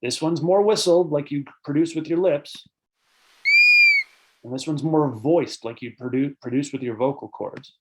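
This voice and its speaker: Heavy background noise surrounds this man's voice, which is on the high side and moves at normal speed. He's a birding author and presenter lecturing online about bird sounds, explaining terminology with lots of fillers and fielding audience questions between points.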